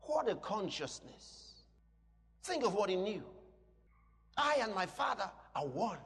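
Male preacher, high and lively voice, emphatic sermon with shouted peaks, long hall reverb. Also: slow pace. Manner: emphatic, swings from quiet teaching to shouted declarations; asks the congregation questions.

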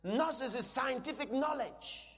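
A man preaching a sermon, moving between quiet teaching and shouted declarations. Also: very high voice, unhurried. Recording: long hall reverb.

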